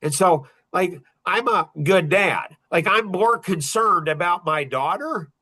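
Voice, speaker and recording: A man's voice: high voice, expressive, slow pace, sharp tone. A middle-aged man hosting a podcast in casual talk, blunt and rambling, often repeating himself. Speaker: podcast host.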